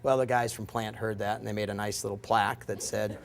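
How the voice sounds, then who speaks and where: A man's voice: on the low side, level tone, fairly quick, creaky, a little hiss or hum. A middle-aged man giving a guest lecture, telling stories in a rambling, self-interrupting way. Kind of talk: storytelling lecture. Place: lecture room.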